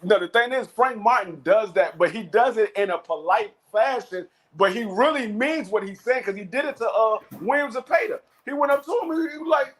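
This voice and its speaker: A man with a notably high voice hosts a relaxed sports talk show. He often stumbles over his words, repeating a word or two before landing his point. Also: fairly quick, few pauses. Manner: stammering restarts, repeats words before finishing a thought. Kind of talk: casual chat.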